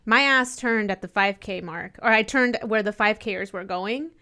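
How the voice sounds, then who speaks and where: A woman's voice: medium pitch, normal speed. A young woman co-hosting a podcast, telling a funny personal story in a casual chat and acting out the people she quotes. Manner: animated storyteller, laughs often, acts out the people she quotes. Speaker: podcast co-host.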